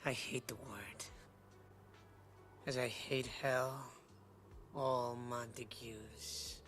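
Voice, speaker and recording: Tybalt, a slow, menacing swordsman. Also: steady tone, heavy background noise. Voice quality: slow, low, threatening delivery. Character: menacing young male swordsman, hateful. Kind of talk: Shakespearean film dialogue. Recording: film audio heard from far off.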